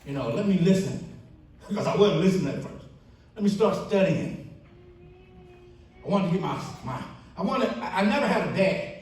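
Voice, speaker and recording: At a church banquet, the keynote speaker's high-pitched voice moves at normal speed with frequent pauses, heard through a distant mic in an echoey hall. His testimony unfolds as a story, punctuated by animated bursts acting out friends' words.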